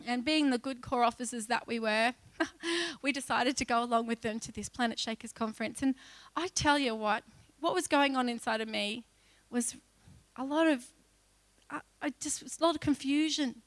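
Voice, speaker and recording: A woman giving an emotional personal testimony as a church speaker, acting out her own pleas loudly as she tells the story. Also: on the high side, moderate pace, no echo. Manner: emotional storytelling that breaks into loud pleading re-enactments.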